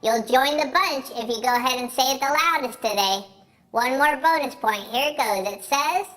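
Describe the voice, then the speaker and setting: A man voicing a cheerful, excitable talking banana puppet who leads children in call-and-response at a children's church show. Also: very high voice, full character voice. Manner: bubbly, jokey, leads kids in call-and-response.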